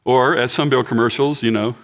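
A man in his sixties gives a sermon in a church at an easy, talky pace. He jokes with the congregation and asks them questions, and his voice sits in a middle pitch. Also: steady tone, fairly quick, fairly bright tone. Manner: conversational, joking with the congregation. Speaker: pastor.

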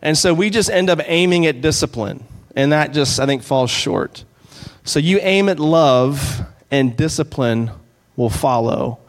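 A man preaching a sermon as pastor, in an earnest, conversational way, slowing down to read scripture. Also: fairly high pitch, animated. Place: church sanctuary. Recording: long hall reverb.

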